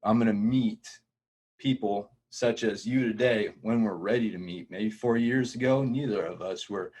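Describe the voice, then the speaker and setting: A man's voice: fairly low pitch, moderate pace, a little mellow, breathy edge. A man speaking as a podcast guest in casual conversation, earnest and reflective.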